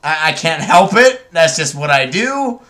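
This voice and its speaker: A man's voice: fairly high pitch, sing-song, a little slow, bright, forceful tone. A young man co-hosting a casual podcast chat, brash and emphatic with lots of profanity. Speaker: podcast co-host.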